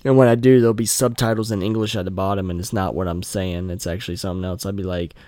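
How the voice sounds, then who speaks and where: A man's voice: sits low, fairly even intonation, fast talker, mellow, dry recording, clean studio sound. A man hosting a podcast, rambling and swearing in casual chat. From North Carolina. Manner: rambling, profane, joking. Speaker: podcast host.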